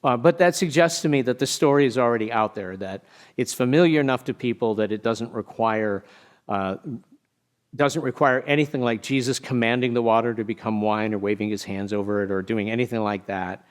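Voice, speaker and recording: A man, a pastor, giving a conversational sermon with casual asides and animated storytelling. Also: medium pitch, brisk.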